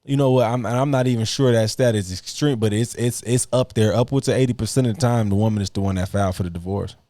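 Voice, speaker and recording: A man's voice: fairly low pitch, fast, warm tone, dry recording. A man hosting a podcast, reacting to clips in blunt, profane casual commentary and laughing mockingly.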